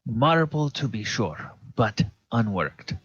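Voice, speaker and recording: Man putting on a female dragonborn trader in a tabletop game, thick accent, slow, insistent, dull lo-fi sound. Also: mid-range voice, big pitch swings, breathy edge, no room sound, exaggerated voice. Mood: demanding. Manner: measured, insistent dictation. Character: haughty female dragonborn merchant, demanding.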